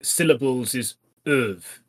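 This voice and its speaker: A man's voice: medium pitch, takes it slowly. A man co-hosting a casual podcast chat about poetry, explaining things with dry humour. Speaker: podcast co-host.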